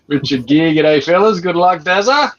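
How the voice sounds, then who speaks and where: A man's voice: fairly high pitch, dull audio. A man co-hosting a livestream, joking and greeting viewers by name in casual chat. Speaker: livestream co-host reading out chat.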